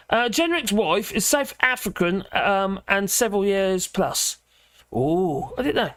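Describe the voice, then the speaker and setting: Man, livestream host, high bouncy voice, chatty and opinionated, dry close sound. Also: sing-song, normal speed, a bit bright, no room sound. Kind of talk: casual livestream chat reading viewer comments.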